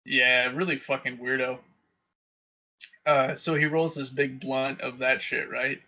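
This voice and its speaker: A man, co-hosting a casual podcast and telling profane stories with loud impressions. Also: steady tone, a little slow. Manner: profane storyteller, loud high-pitched impressions of his dad. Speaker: podcast co-host. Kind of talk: casual chat. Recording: dull lo-fi podcast audio.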